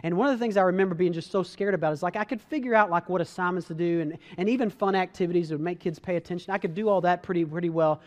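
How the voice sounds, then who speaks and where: A man's voice: high voice, racing, few pauses. A man giving an earnest, conversational talk to an audience, telling personal stories with frequent restarts and calling his listeners guys. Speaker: speaker giving a motivational talk.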